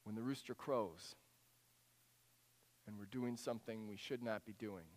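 A man preaching a sermon, telling a story with drama, dropping to a hush and then rising to act out voices. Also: lowish voice, a little slow, big-room sound. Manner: dramatic storytelling, drops to a hushed voice then rises to animated acted-out lines. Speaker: pastor.

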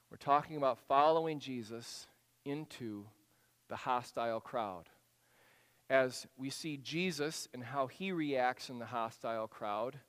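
A man preaching a sermon, telling a story with drama, dropping to a hush and then rising to act out voices. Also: medium pitch, long reverb tail. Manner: dramatic storytelling, drops to a hushed voice then rises to animated acted-out lines. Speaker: pastor.

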